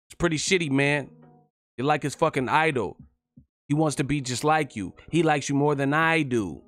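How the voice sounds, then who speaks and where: A man hosting a live stream, giving casual, profane fight commentary, animated and quick to laugh. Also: on the high side, dry recording. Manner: animated, profane, laughing, breaks into yelled impressions.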